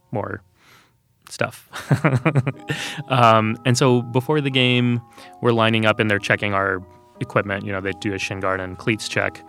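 A guest from Texas, USA, reflects on his life through heartfelt personal stories, peppered with plenty of fillers. His voice is fairly low, creaky, and fairly bright in tone.

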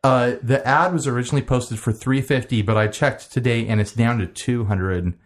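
A man co-hosting a relaxed podcast, talking gear at a loose, rambling clip. He is easily amused and breaks into laughter often, with a voice of ordinary pitch. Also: normal speed. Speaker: podcast co-host. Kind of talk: casual chat.

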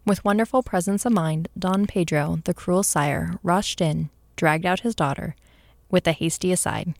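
A woman narrating a story aloud in a measured, expressive reading. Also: fairly low pitch, creaky.

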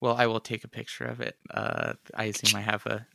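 Playful bright-voiced man in a mystery game. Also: on the low side, very animated, fairly quick, creaky, dry recording, clean studio sound. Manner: playful, stammering. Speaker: player. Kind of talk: playing a tabletop mystery game.

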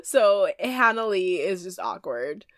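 A woman's voice: mid-range voice, expressive, slow, fairly bright tone, no room sound, studio quality. A young woman co-hosting a casual recap chat, talking loosely with many fillers. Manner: chatty, lots of fillers and quoted impressions. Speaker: podcast co-host.

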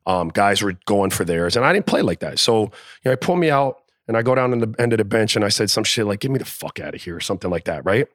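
A man telling a locker-room story in a casual podcast chat, animated and profane, acting out the quotes. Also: on the low side, fast talker, no room sound, studio quality. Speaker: podcast co-host, former NBA player.

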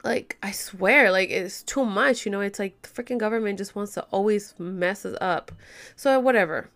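A young woman venting to her viewers in a casual storytime vlog at home. Her talk is loose and heated, packed with "like" and "you know", and she swears freely. Her voice sits at an ordinary middle pitch for a woman. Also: normal speed, fairly bright tone. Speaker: vlogger. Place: home bedroom.

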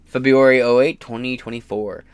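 A man's voice: mid-range voice, fairly even intonation, moderate pace, clear, resonant tone, no echo, studio quality. A man hosting his own podcast, ranting in a profane, sarcastic and combative way. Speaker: podcast host.

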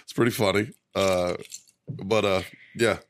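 A man's voice: low-pitched, fairly even intonation, a little slow, a little hiss or hum. A man co-hosting a casual podcast, telling a heated, profanity-filled story and laughing as he goes. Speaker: podcast co-host. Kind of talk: casual chat, ranting storytelling.

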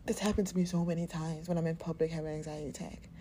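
A woman hosting a podcast, talking unscripted, candid and profane, often laughing and sometimes dropping into a soft half-whisper. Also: low-pitched, little pitch movement, fast talker, few pauses, a little hiss or hum. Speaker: podcast host.

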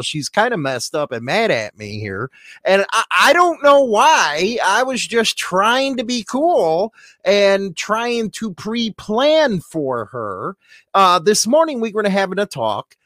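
A middle-aged man hosting a casual show, rambling and joking crudely, with sudden swings from shouting to mumbling. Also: high-pitched, dry recording, studio quality. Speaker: radio-style show host. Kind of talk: casual rambling monologue to a live chat.

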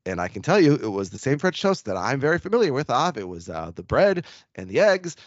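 A man's voice: mid-range voice, a little fast, dry recording, muffled recording. A man co-hosting a podcast, chatting casually and telling stories with a laugh. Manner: chatty storyteller, lively and laughing. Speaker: podcast co-host. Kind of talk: casual chat about a TV episode.

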